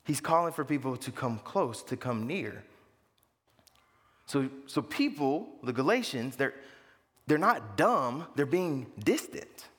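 Male pastor, animated sermon delivery, big pitch swings, long hall reverb. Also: measured pace, long pauses. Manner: animated, jumps to high excited pitch for emphasis.

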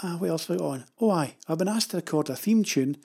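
Husky older Scottish man, chatty storyteller. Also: a little high, animated, fast, dark tone. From Scotland. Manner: chatty, digressive, wry. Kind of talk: rambling anecdotal narration.

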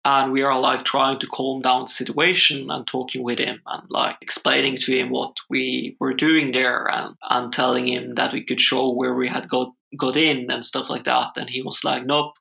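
Bright gravelly young man telling a story. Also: medium pitch, completely flat delivery, moderate pace, few pauses. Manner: rambling, full of "like" fillers. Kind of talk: casual chat.

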